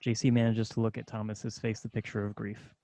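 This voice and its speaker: Gravelly man reading stage directions. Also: on the low side, flat delivery, quick pace, warm tone, slight background noise. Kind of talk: scripted screenplay narration.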